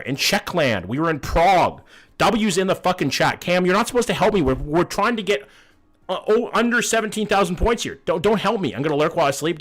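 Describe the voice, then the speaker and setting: A man's voice: a little high, fairly bright tone. Chatty, cussing young streamer guy. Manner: chatty, profane, greets chat often. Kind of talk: casual live-stream commentary.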